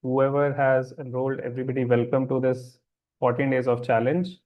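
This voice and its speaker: Poor audio carries this man's medium-pitched, darkish voice, delivered flatly at a normal speed. Running a live wellness webinar, he responds to chat questions, offers reassurance, and keeps asking whether everyone is following.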